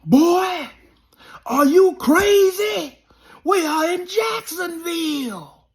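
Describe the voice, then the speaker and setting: A frantic older basketball coach yelling high and loud, as a man puts him on while telling a story. His voice jumps way up into a shrill, alarmed pitch, and it keeps a gravelly edge. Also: animated, very slow, background noise, exaggerated voice.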